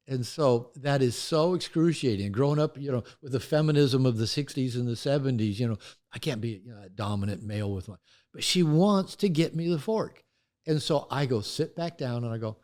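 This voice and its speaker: With a mid-range voice at normal speed, an older man known as an author and therapist shares stories frankly in an interview. He's an animated storyteller who plays out the voices he quotes.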